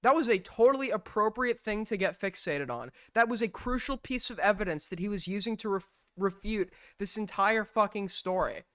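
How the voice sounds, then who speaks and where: A man's voice: high-pitched, animated, moderate pace, sharp tone, no room sound, clean studio sound. A man hosting a live stream, arguing bluntly and swearing as he defends his calls. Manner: blunt, argumentative, swears freely. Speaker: streamer host. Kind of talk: heated live-stream commentary.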